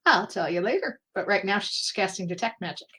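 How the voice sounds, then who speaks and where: A woman's voice: medium pitch, expressive, fast, bright, forceful tone, slight background noise. A woman playing a tabletop game who speaks eagerly and describes her character in the third person. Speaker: player. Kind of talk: casual tabletop play.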